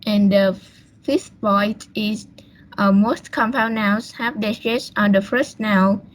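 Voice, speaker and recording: Young woman, student presenter on a call; halting, lots of ums. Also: medium pitch, steady tone, poor audio. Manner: hesitant, with fillers and restarts. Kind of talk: online class presentation.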